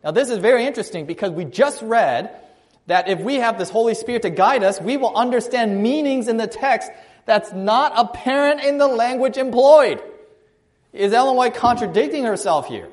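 A man gives a sermon, recounting a personal story conversationally and varying his volume and pace for emphasis. His voice is very high and animated, at a normal speed.

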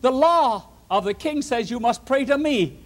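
A man's voice: extremely high pitch, animated, moderate pace, in a large hall, voice pushed up. A man voicing a band of sly, jealous male conspirators plotting against a faithful man. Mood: sly scheming.

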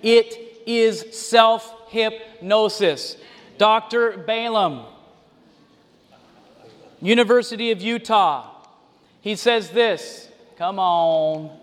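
A man preaching a sermon, animated, with mocking asides and mimicry. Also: high-pitched, drawn-out words, long pauses. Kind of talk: sermon with impressions and sung examples. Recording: long hall reverb.

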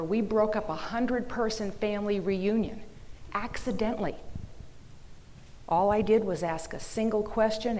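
A woman's voice: medium pitch, slight background noise. A woman giving an earnest, emphatic talk to a church audience, sometimes dropping into a mocking whisper. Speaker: speaker. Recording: reverberant hall.

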